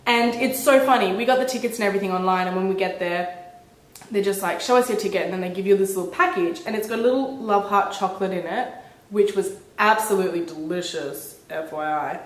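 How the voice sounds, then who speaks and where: A woman in her twenties chatting casually to her camera at home, telling a story with lively, bubbly energy. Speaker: vlogger. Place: indoors at home, a small room. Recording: echoey room with faint rumble.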